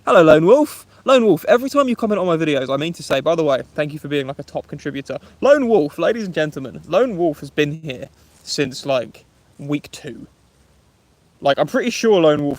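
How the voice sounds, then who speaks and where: Fairly quick and animated, his voice on the high side and a little mellow, a twenty-something English vlogger with an Essex accent chats from a woodland camp on a live stream. He's friendly and talkative, reading viewer comments and their names aloud, and the recording has no room sound.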